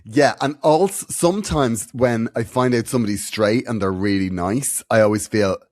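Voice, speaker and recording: A man co-hosting a comedy podcast, throwing in quick, wry quips. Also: mid-range voice, darkish tone, no room sound, studio quality. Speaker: podcast co-host. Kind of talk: casual comedic chat.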